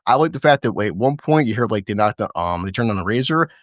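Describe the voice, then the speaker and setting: A man hosting a casual recap chat, excitedly narrating fight scenes play-by-play with lots of swearing and laughter. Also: on the low side, fast talker, no echo, clean studio sound. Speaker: show host.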